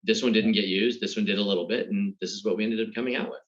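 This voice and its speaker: A low-voiced man speaks as a guest in a relaxed interview. He talks things through carefully, restarting and repeating words as he goes. The sound is dull and lo-fi, like a remote call. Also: racing. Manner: thoughtful, repeats words while finding his point. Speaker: guest entrepreneur. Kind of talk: casual interview talk.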